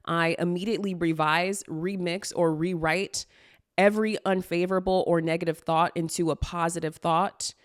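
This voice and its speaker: Low-voiced woman giving blunt casual advice. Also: fairly even intonation, moderate pace. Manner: blunt, swears freely, many "like" fillers. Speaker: manifestation coach.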